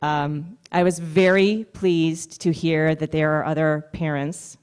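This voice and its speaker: Woman doing an animated stand-up set. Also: low voice, slow pace, smooth. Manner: conversational, animated storytelling. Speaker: stand-up comedian. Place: stage at a live comedy showcase.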